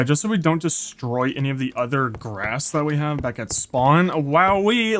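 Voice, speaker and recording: A young man giving excitable, jokey commentary while playing a block-building game, full of exclamations. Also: fairly high pitch, slight background noise. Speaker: Minecraft YouTuber. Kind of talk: gameplay commentary.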